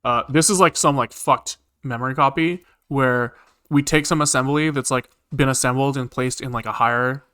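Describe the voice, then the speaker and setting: A man's voice: medium pitch, steady tone, normal speed, bright, forceful tone, clear, resonant tone. A man streaming live coding, rambling casually with lots of fillers and the odd swear as he thinks aloud. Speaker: programming streamer.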